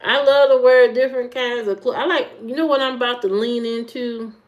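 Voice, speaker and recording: A livestream host from the American Midwest chats casually with her viewers, repeating herself and answering comments by addressing people in chat by name. Her voice is fairly high and steady, and she talks briskly. The recording sounds muffled.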